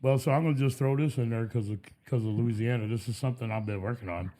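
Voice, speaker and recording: A man's voice: mid-range voice, fast talker, dark tone. A man, a podcast guest, telling laid-back stories in casual chat and laughing often. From Texas.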